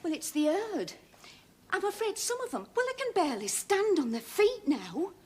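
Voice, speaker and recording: An actress playing a modest, worried farmer's wife who speaks softly, politely and hesitantly in a 1970s television drama. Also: female voice, extremely high pitch, sing-song, moderate pace, slight background noise. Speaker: farm client.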